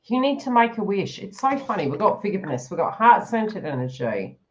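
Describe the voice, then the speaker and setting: On a lo-fi, somewhat dull live stream, a woman does psychic tarot readings in a very animated, swooping, mid-range voice, speaking a little fast. She chats and giggles, often slipping into the imagined inner thoughts of the people she reads for.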